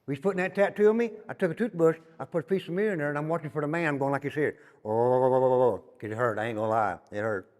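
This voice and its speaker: An older Southern man from Tennessee talks quickly and with force, sitting a little high in pitch. He tells stories from his time inside as he leads a tour, often dropping to a low murmur for short asides. His voice rings with a long echo off hard prison walls. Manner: emphatic, drops to a low murmur on repeated asides. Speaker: former inmate giving a prison tour. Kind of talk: storytelling tour guide. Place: inside an old prison building. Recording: long reverb in hard rooms.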